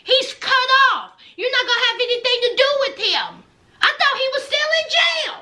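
A woman's voice: very animated, normal speed, pushed and bright, heavily acted. A woman mimicking a ranting jealous man. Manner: shrill, ranting, accusing. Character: jealous middle-aged man throwing a tantrum.

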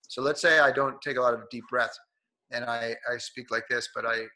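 A man speaks as an interview guest, coaching listeners on performing. His tone is bright and forceful, with a slightly nasal edge from being sick. He talks with lively energy and often acts out what others say. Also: mid-range voice, moderate pace. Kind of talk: conversational interview.

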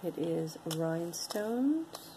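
A woman's voice: lowish voice, very animated, very slow, warm tone, slight background noise, low-quality recording. A woman chatting casually to viewers as she shows and sells jewelry, rambling and talking to herself between items. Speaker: online jewelry seller. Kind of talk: casual sales chat to viewers.

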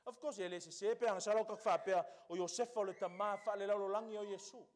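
High-voiced Samoan-accented pastor. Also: male voice, fairly even intonation, very fast. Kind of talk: sermon. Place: church.

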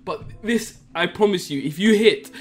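A young man giving excitable, laugh-filled commentary as he hosts a video of his own game prank. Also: high voice, moderate pace. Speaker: Minecraft trolling video host. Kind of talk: casual gameplay commentary. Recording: faint music behind.

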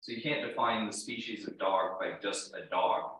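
A man, a student in a logic class, thinking aloud in halting explanations. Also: sits low, fairly bright tone. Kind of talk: classroom discussion. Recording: distant voice in a very echoey room.

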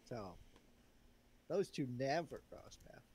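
A man's voice: mid-range voice, lively intonation, takes it slowly, slight background noise. A man co-hosting a game stream, chatting casually and offhandedly with dry asides. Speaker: co-host. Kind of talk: casual chat while playing a wrestling booking game. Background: soft background music.

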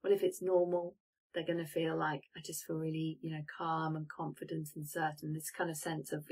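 A woman coaching viewers on a live stream, speaking in a soft, guiding way and inviting them to reflect. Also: sits low, level tone, fairly quick, breathy edge, poor audio. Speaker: manifestation coach.

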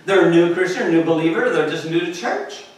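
An older male pastor preaching a sermon, an animated storyteller who laughs and acts out voices. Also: fairly high pitch, a little fast. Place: church sanctuary. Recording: echoey church recording from far off.

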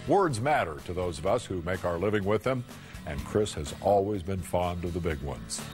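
Deep-voiced male TV host. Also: animated, darkish tone, faint music behind. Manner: measured, prompting questions. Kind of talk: TV interview hosting.

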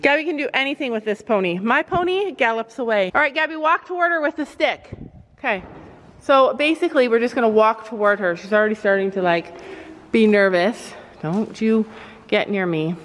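A woman vlogging outdoors with horses, talking softly and coaxingly to a nervous pony, recorded on a camera mic. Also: a little high, lively intonation, moderate pace, in a large hall. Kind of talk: casual vlog narration.

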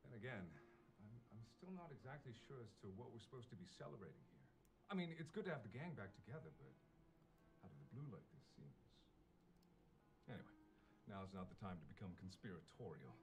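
A man playing a calm, genial host of a reunion who talks in a mild, musing way. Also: fairly low pitch, fairly quick, over music, low-quality recording. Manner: mild, musing and soft-spoken.

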